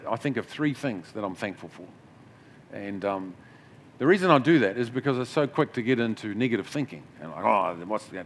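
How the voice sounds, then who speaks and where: A man's voice: medium pitch, a little hiss or hum. Conversational male preacher. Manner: conversational preaching with asides and restarts. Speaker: pastor. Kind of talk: sermon.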